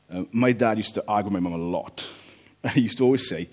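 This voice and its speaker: A man preaching a relaxed, conversational sermon, joking about family life and often checking in with "okay?". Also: on the low side, normal speed. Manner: chatty, jokey, checks in with "okay?".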